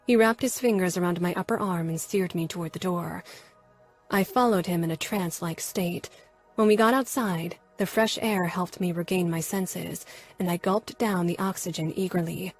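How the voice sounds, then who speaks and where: Breathy low-voiced female audiobook narrator. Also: moderate pace, soft background music. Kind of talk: scripted first-person narration.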